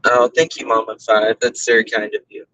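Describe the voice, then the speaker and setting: A man's voice: medium pitch, little pitch movement, fairly quick, sharp tone, no room sound, highs cut off. A man hosting a casual livestream, chatting through stories and thanking viewers by name for gifted memberships. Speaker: livestream host.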